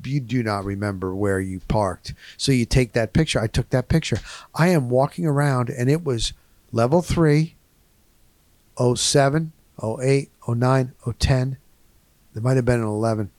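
Animated storytelling man, dry close sound. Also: no room sound. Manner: animated, swinging pitch, rambling asides. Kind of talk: casual storytelling monologue.

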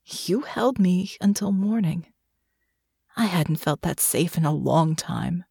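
A woman reading a story aloud, voicing a young woman soldier who hides a secret, sharp and commanding yet tired. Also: fairly low pitch, animated, slow pace, vocal fry, breathy edge, no room sound, clean studio sound, exaggerated voice. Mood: weary.

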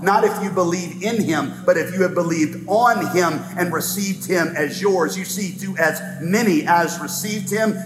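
A man preaching a sermon as pastor, earnest, with slow dramatic emphasis and touches of light humor. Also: on the high side, fairly bright tone, slight background noise. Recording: reverberant hall with faint music.

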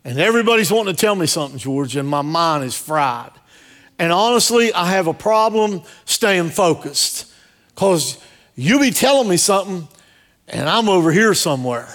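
A man's voice: high voice, animated, normal speed, a bit bright. A man preaching a sermon as pastor, joking and directly quizzing his congregation. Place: church service.

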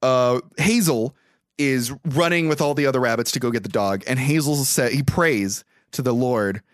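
A man's voice: medium pitch, normal speed, no room sound, studio quality. A man hosting a podcast, swearing freely as he animatedly recaps a movie plot. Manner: profane, animated storytelling. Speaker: podcast host.

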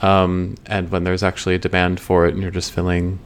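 Low-voiced man reasoning through a point. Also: monotone, brisk, a little hiss or hum. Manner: reasoning step by step. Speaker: podcast co-host. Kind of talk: casual legal podcast chat.

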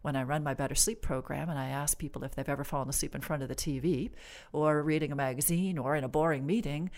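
Low-voiced calm woman explaining. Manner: measured, reassuring, gently instructive. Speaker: stress management clinician, guest. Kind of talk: calm explanatory interview talk.

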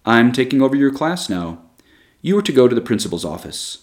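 A man reading aloud voices a smiling young woman teacher who speaks gently and sweetly. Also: mid-range voice, big pitch swings, a little fast, pitched above the performer's own voice, natural voice.

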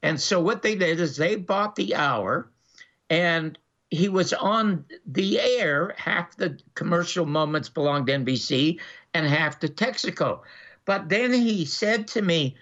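An older man from Canada, a former TV critic, telling animated anecdotes in an interview, with frequent restarts and laughs, in a dull lo-fi recording. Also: high-pitched, measured pace. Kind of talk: storytelling interview.

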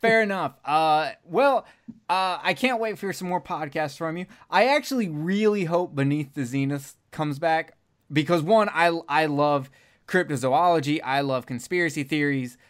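A man's voice: fairly high pitch, normal speed, clear, resonant tone. A man hosting a horror podcast, talking enthusiastically and swearing freely in casual chat. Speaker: podcast host.

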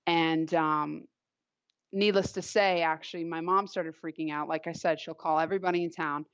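A woman's voice: low-pitched, fairly even intonation, moderate pace, no echo. A young woman from Long Island tells a story from her own life in loose, chatty talk, full of "like" and "you know." The sound is muffled and lo-fi, with a dry, close feel and no room around her. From Long Island, New York. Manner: chatty, heavy use of "like" fillers. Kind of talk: casual personal storytelling. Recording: dull, lo-fi, dry recording.

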